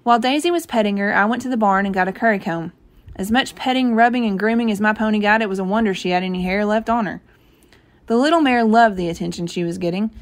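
Female reader, gentle storytelling of a novel, medium pitch. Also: fast talker. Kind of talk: reading a novel aloud.

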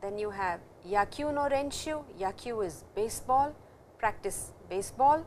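A middle-aged woman with an Indian English accent giving a patient, explanatory classroom lecture, repeating terms slowly. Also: medium pitch, expressive, darkish tone, slight background noise. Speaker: Japanese language teacher.

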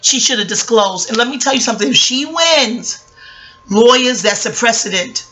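A woman's voice: a little high, expressive, moderate pace, pushed and bright. A woman in her forties ranting on a vlog, passionate and swearing, rambling between jokes and asides. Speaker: vlogger. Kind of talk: profane commentary rant.

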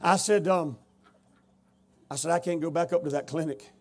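A man preaching a revival testimony, telling his story with rising shouted intensity. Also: a little high, normal speed, vocal fry. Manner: storytelling, builds to loud shouting.

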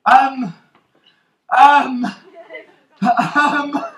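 A man's voice: extremely high pitch, fairly even intonation, drawn-out words, a bit bright, roomy sound, exaggerated voice. An actor playing a swaggering, rum-loving male pirate captain in a live children's stage show, teasing and calling out to the crowd. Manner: theatrical, teasing, calls out to the crowd. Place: theatre stage.

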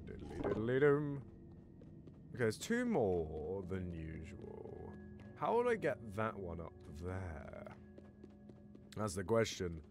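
Guy doing let's play commentary, voice jumps all over, swears loads, chatters at the game. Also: low-pitched. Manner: excitable and sweary, talks to himself and the game. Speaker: gamer playing with friends.

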